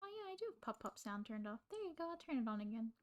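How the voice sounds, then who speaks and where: A woman's voice: fairly high pitch, big pitch swings, very fast. A young woman, livestreaming casually while she studies, rambling to her chat and reading notes aloud into a desk microphone. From Australia.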